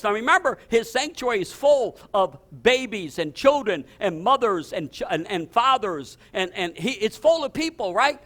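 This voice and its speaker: An older man, a pastor, preaching a storytelling sermon in an animated way, with many restarts and rising exclamations. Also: sits high, normal speed, few pauses.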